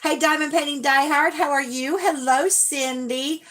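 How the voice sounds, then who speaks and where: A woman's voice: high voice, fairly even intonation, a little slow, a bit bright. A woman hosting a casual livestream, bubbly and rambling as she greets viewers by name. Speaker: livestream host; teacher.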